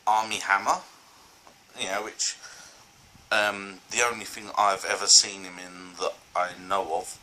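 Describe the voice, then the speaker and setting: A man chats through a casual film review on his vlog, rambling from thought to thought with plenty of fillers and restarts. His voice sits a little low but has a sharp, forceful edge, and a faint hiss hangs behind it. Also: flat delivery, unhurried, low-quality recording. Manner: enthusiastic.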